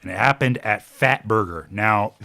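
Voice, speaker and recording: Male podcast co-host, lower voice, casual and wry, stops and restarts a lot. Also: normal speed, vocal fry, sharp tone. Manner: hesitant, many fillers and restarts, wry. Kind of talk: casual sports podcast chat.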